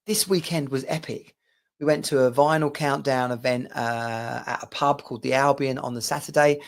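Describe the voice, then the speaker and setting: A middle-aged man from England vlogs straight to camera in a rambling, personal monologue. His voice sits mid-range with a gravelly, creaky edge, and his intonation stays fairly even at a normal speed. He speaks loosely, full of asides and restarts.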